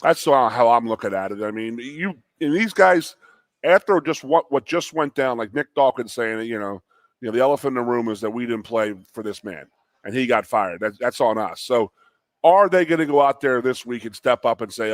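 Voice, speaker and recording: A man's voice: mid-range voice, moderate pace, no echo. Sports talk co-host, male, fired up, stumbling over restarts, dry close mic. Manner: animated, worked up, repetitive restarts. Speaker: co-host, former player. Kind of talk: sports talk show chat.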